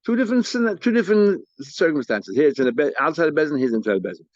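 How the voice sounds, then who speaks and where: A man teaching a daily Talmud lesson, mixing English with Hebrew and Aramaic study terms and acting out the litigants' lines in quick bursts. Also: a little high, sing-song, no room sound. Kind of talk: daf yomi Talmud lecture. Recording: dull, lo-fi dry recording.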